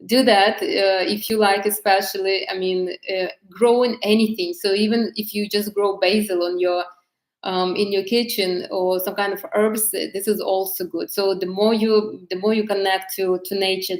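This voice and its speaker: Woman coaching with many hesitations, echoey room. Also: mid-range voice. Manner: hesitant, many fillers and restarts, gentle explaining tone. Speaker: femininity coach. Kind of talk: casual instructional talk to camera.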